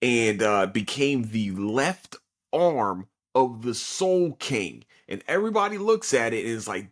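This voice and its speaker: A young man hosting a podcast, casually recapping an anime episode in an excitable, profane way with lots of fillers. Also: medium pitch, unhurried. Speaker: podcast host.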